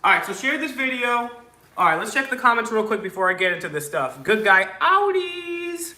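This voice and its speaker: A man's voice: very high voice, big pitch swings, moderate pace, pushed and bright, reverberant. A man hosting a casual livestream, joking, rambling and crude as he talks to viewers. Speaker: livestream host.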